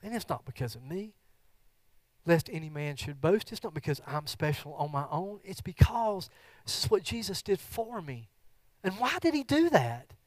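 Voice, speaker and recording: A middle-aged man preaching a sermon as a church pastor, moving between loud, fervent declarations and soft, earnest talk. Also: sits high, big pitch swings, moderate pace, no room sound, clean studio sound. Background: guitar music.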